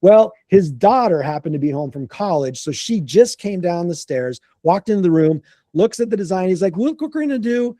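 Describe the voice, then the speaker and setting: A man tells a casual work story with lots of energy, acting out each quote and tripping over his restarts. His voice sits a bit high but sounds mellow and relaxed. The recording is dry and close. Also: moderate pace, no room sound. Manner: animated, acts out quotes, frequent restarts. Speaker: contractor telling a story.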